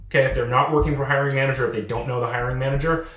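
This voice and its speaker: A young man talks in a casual, earnest way, restarting his sentences and repeating himself for emphasis. His pitch sits in the middle. The room is hard-walled and echoes around him. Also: rapid-fire, muffled recording, slight background noise. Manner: acts out quoted recruiters in lively voices. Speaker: channel host. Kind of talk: casual advice monologue.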